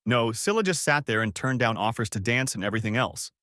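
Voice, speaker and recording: A man's voice: medium pitch, animated, fast, pushed and bright, no room sound, studio quality. A male narrator voicing a frantic, insistent female friend who talks bluntly and with exasperation, in an audiobook reading. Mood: exasperated. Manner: pressing, exasperated.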